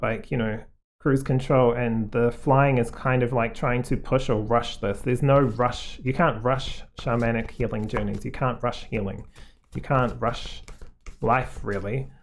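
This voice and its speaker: A man giving a casual, rambling tarot card reading to viewers, full of "like" and "um", in a gently reassuring way. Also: mid-range voice, creaky. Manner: rambling, heavy on fillers like "like" and "um".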